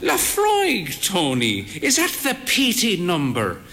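A frail, proud old woman with a high, swooping voice and a grandly theatrical way of drawing out her words, as a male storyteller puts her on. She sounds sharp and a little eerie in this spoken story, lifting and dropping her pitch all over. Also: huge pitch swings, slight background noise, full character voice. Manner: dramatic, drawn-out, grandly affected.

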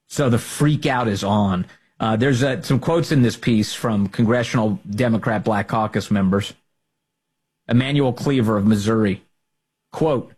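A man's voice: on the low side, a little mellow, husky. A man hosting a political opinion monologue, combative and sarcastic. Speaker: political commentary host.

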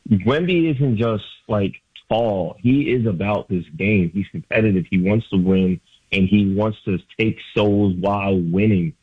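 A man's voice: lowish voice, measured pace, slightly rough, no echo. A man calling in as a sports writer guest, talking basketball in loose, emphatic radio chat with lots of filler likes. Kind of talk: casual sports radio analysis. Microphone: phone line. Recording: tinny phone line, dry.

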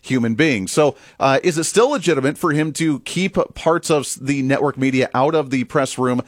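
Man, political commentary host, mocking tone, higher voice, dry sound. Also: normal speed, no room sound. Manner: animated, mocking, laughs often. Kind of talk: opinion commentary.

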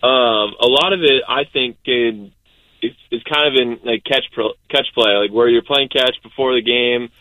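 A young adult man, a baseball pitcher, chatting casually as a guest, rambling with many fillers. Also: moderate pace, dry recording, phone-quality sound. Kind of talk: casual interview chat.

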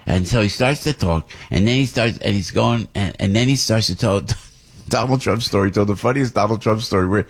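Husky, excitable New radio host. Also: male voice, on the low side, a little fast. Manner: excitable, rambling, repeats words. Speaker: radio talk show host. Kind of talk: casual on-air storytelling.

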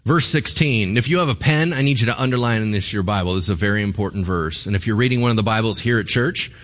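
A man's voice: lowish voice, fast. A man preaching a sermon in a church, telling stories animatedly and putting questions to the congregation. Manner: animated, asks the audience questions. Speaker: pastor.

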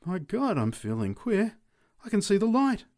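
Brief: excitable drunk man, voice pushed high and loud, voiced by the reader. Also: normal speed, heavily acted. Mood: awed. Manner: excitable, slurred exclamations.

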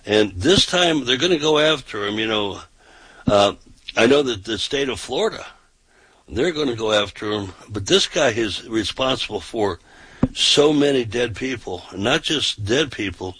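A man's voice: mid-range voice, animated, moderate pace, a bit bright, breathy edge, rough recording. A man hosting a casual talk show, talking emphatically and often repeating himself and restarting his sentences.

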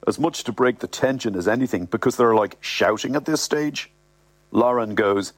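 A man reading a comic first-person story in a wry, brisk way. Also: mid-range voice, dry recording. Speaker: reader.

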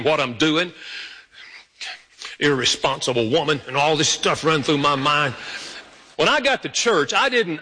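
A man preaching a sermon, telling stories with sudden jumps up in pitch. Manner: storytelling with animated pitch jumps. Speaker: pastor. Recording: long hall reverb.

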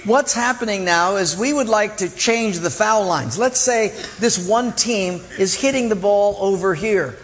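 In a church with long hall reverb and slight background noise, a high-voiced man preaches a sermon unhurriedly, with few pauses. He animates his illustrative stories by acting out each character's voice.

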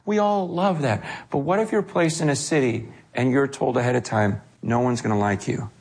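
Middle-aged male pastor delivering a sermon; animated, swings between quiet and fast, raised lines. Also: medium pitch.

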